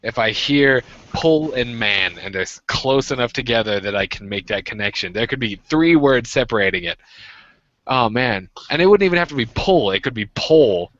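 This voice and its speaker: A man's voice: mid-range voice, animated, normal speed, a bit bright, no echo, lo-fi sound. A man, chatting and ranting with profanity as a podcast co-host. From Washington state, USA. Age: 20s. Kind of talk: casual chat.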